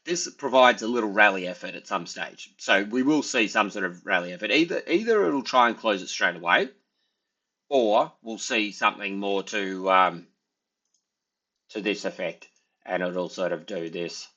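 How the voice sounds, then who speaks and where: A man's voice: on the low side, expressive, moderate pace, bright, forceful tone. A man giving casual, rambling commentary over trading charts, full of filler phrases. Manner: rambling, full of "sort of" and "you know". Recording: dull lo-fi sound.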